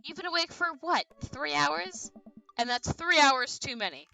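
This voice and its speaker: A woman's voice: sits high, animated, normal speed, vocal fry, sharp tone, full character voice, poor audio. A woman voicing a dry, teasing teenage daughter while reading game dialogue aloud.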